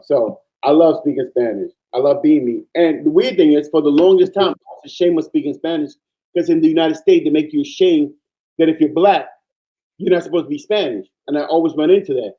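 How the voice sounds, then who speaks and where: A man from Panama, a guest in casual chat, telling stories in an animated, emphatic way over muffled lo-fi audio. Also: fairly high pitch.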